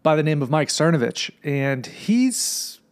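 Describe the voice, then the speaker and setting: A young man with a gravelly, creaky voice hosts his own podcast, telling a rambling story. He talks casually, swears freely, and keeps checking in with "you know what I mean". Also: on the high side, sing-song, a little slow. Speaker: podcast host.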